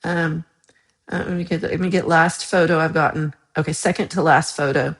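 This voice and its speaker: A woman from Texas hosts a casual livestream, reading and answering her viewers. She talks in a chatty, teasing way, full of playful mock outrage, in a somewhat low voice for a woman. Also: steady tone, moderate pace. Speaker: livestream host.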